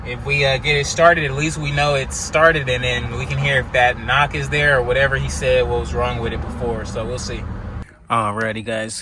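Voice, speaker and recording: A man filming a casual vlog outdoors on a phone camera, talking loosely with lots of slang and fillers. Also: mid-range voice. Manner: laid-back slangy talk, loose fillers. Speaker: car flipping vlogger. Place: outdoors at car lots and roadside. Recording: outdoor phone audio with street noise. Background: traffic and street noise.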